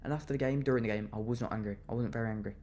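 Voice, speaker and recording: A man's voice: medium pitch, racing, a little mellow, a little hiss or hum. A young man venting his anger in a fan reaction rant, fuming and repeating himself as he vents. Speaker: football fan vlogger.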